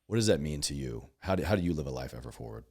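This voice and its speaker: A man's voice: very deep voice, lively intonation, rapid-fire, gravelly, a little mellow, husky. A man hosting a podcast, asking his guest a closing question in a casual, encouraging way. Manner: encouraging, short affirmations. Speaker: podcast host.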